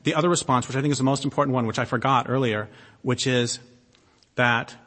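A man giving an impassioned public talk, blunt and sardonic, with emphatic stresses and long pauses. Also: medium pitch, steady tone, a bit bright. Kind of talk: impassioned lecture to an audience. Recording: long reverb of a hall.

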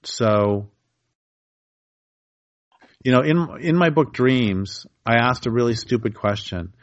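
An earnest man talking as an interview guest, walking the listener through hypothetical scenes to make his point. His voice sits at an ordinary middle pitch. The sound is a little dull and lo-fi. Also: animated, slow, dry recording. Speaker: author and guest. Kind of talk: conversational interview.

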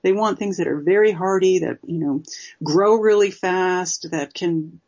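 Husky guest explaining on a dull recording. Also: mid-range voice, a little slow, darkish tone. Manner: explanatory, laughs often, many fillers. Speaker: guest, former zoologist. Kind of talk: interview conversation.

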